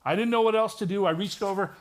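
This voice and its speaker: A man's voice: sits high, fast talker. A middle-aged man, a retired police detective, giving a vivid personal testimony in a church with touches of wry humor.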